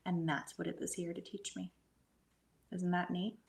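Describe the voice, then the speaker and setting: Earnest woman, slightly low voice, half-whispering. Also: level tone, normal speed, creaky. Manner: earnest, drops to a hushed whisper in places. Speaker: guest medium and energy healer. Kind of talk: conversational storytelling.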